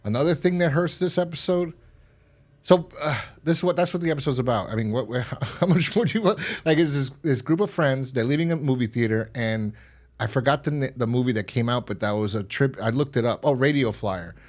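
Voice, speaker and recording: A man's voice: brisk, a little mellow. A young man hosting a casual podcast review, rambling and swearing, acting out scenes. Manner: rambling, profane, acts out scenes in high voices. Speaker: podcast host.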